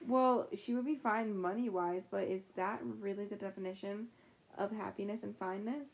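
A woman's voice: medium pitch, fairly even intonation, normal speed, darkish tone. A young woman co-hosting a podcast in casual chat, giggly and talkative, full of fillers. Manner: giggly, chatty, lots of "anyways" and "like". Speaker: podcast co-host.

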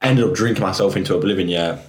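A young man hosting a podcast, chatting in a relaxed, slangy way. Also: low voice, fast talker. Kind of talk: casual podcast chat. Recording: roomy echo.

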